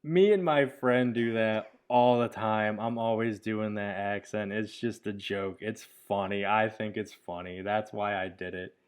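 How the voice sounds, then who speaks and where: Low-voiced man rambling film commentary. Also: fairly even intonation, measured pace, hardly any pauses, smooth. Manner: rambling and enthusiastic, with frequent fillers and laughs. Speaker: filmmaker giving commentary on his own film. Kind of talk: casual commentary.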